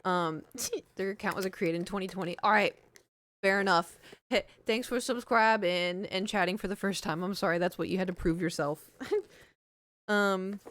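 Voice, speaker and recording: A woman's voice: medium pitch, fairly even intonation, moderate pace, a bit bright. A young adult woman streaming live, chatting casually in a rambling, self-deprecating way with lots of fillers and laughs, close on a large studio mic. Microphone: large studio microphone.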